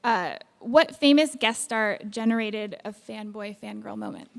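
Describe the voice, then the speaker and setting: A woman's voice: medium pitch, animated, a little slow, vocal fry. Woman reading out a question. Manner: reads aloud, hesitant.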